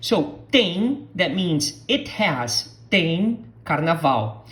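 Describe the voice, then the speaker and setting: A Portuguese speaker from Brazil, teaching a slow language lesson and patiently repeating words for learners to copy. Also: medium pitch, very animated, fairly bright tone.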